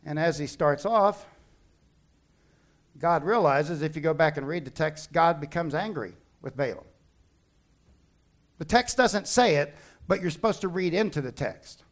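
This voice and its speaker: A man preaching a sermon, retelling a Bible story in an animated way and acting out the characters' lines. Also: fairly high pitch, unhurried, long pauses. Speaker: pastor.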